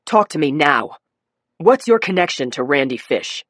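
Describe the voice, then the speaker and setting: A woman voicing a calm male detective who speaks firmly and persistently. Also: low-pitched, no echo, studio quality, voice pushed down. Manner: firm, measured, persistent.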